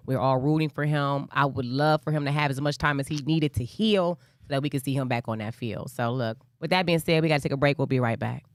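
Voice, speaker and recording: A woman co-hosting a casual live show, telling stories in an animated, playful, teasing way, with a Northeast Ohio accent. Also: very deep voice, quick pace, few pauses. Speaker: co-host.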